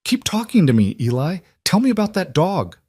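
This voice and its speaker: A man's voice: mid-range voice, expressive, unhurried, a little mellow, no echo, studio quality, voice pushed up, close to an everyday voice. A man voicing a weary, determined frontier cowboy who pleads with and orders his son to hang on. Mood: urgent. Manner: pleading and commanding to keep his son awake.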